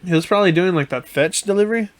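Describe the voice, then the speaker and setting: A man's voice: high-pitched, racing. A man co-hosting a podcast who reacts with short, laid-back remarks and laughs in casual chat. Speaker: podcast co-host.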